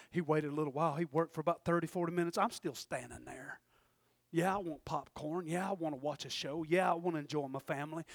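A male preacher, giving an animated sermon, often shouting and acting out his own prayers. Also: fairly high pitch, dry recording, studio quality.

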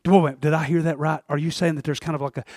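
Man, preacher, high voice, dry sound, calls for amens. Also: fast, dry recording. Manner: animated preaching, swinging from shouts to hushed asides. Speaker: pastor. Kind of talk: sermon.

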